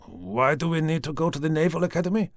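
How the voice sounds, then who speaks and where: A male narrator voicing a weary, cynical middle-aged police inspector with a gruff, dry delivery. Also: fairly high pitch, very animated, fast, no room sound, voice pushed up. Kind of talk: audiobook character voice.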